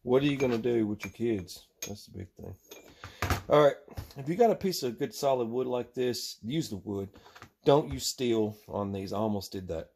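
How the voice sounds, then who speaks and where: This channel host, a man in his thirties crafting knife gear, chats to viewers in a rambling way, chuckling and talking to himself as he works at a bench. His medium-pitched voice is gravelly and darkish, with lively intonation at a normal speed. There's slight background noise.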